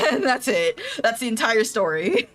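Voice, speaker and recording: A woman's voice: fairly high pitch, very animated, unhurried, a bit bright, faint music behind. A young adult woman streaming a game, recapping its story in casual chat, swearing freely and laughing often.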